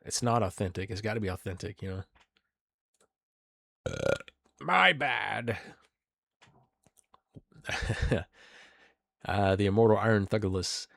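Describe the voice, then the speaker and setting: A man's voice: low-pitched, fairly even intonation, moderate pace, long pauses, no echo. A man hosting a solo show, reacting off the cuff with crude, rambling jokes and mumbled asides. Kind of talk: casual reaction commentary.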